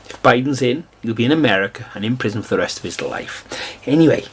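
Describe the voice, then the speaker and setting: A British man delivers a combative political rant. His voice is husky and sits at an ordinary pitch. He lurches between loud, mocking outbursts and low, contemptuous mutters. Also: lively intonation, quick pace. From Britain. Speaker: political commentator.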